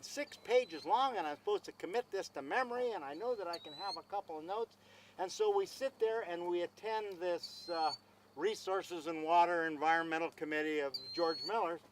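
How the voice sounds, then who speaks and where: Man, high voice, storytelling speech, acts out dialogue, light background noise. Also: rough recording. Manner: anecdotal, repeats himself, acts out dialogue. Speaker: speaker at a celebration.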